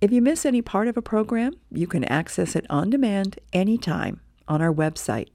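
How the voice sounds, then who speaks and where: With a mid-range voice at normal speed, a woman volunteer reads newspaper articles aloud for a radio reading service. Her delivery is relaxed and plain with minor self-corrections, and there's no echo.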